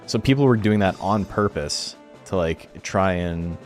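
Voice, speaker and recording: A man's voice: low voice, a little slow, faint music behind. A man streaming a game tournament, chatting casually and rambling in a laid-back way, swearing now and then.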